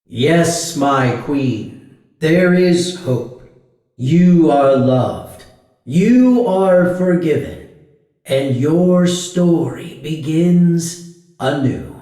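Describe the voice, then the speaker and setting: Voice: mid-range voice, animated, extremely slow, warm tone, heavy reverb. A solemn, comforting magic mirror, as a narrator puts it on. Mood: reassuring. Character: magic mirror, gentle and reassuring.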